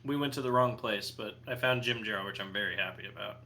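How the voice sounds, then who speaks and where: A man's voice: on the low side, fairly quick, pushed and bright. A man playing a tabletop game, speaking brashly and joking in character. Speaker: player. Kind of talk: tabletop role-play.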